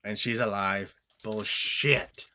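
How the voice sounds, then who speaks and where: A man's voice: lowish voice, fairly even intonation, slow pace, pushed and bright, slight background noise. A man giving an angry, profane movie review rant, rambling with many restarts and fillers. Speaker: film reviewer.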